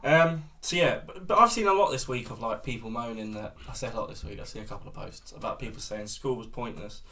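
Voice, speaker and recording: Fast-talking man, jokey host. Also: mid-range voice, pushed and bright, far from the mic. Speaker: podcast host. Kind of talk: casual chat.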